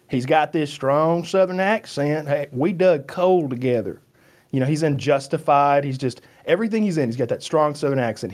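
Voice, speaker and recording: A man co-hosting a podcast in casual chat, talking in an excitable, rambling way and swearing freely. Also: a little high. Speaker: podcast co-host.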